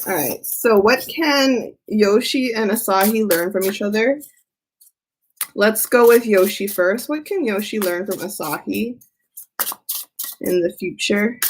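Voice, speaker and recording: A woman's voice: medium pitch, a little slow, slight background noise. A woman doing a live-stream tarot reading, chatty and given to laughing as she talks. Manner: chatty, laughs often, reads chat aloud.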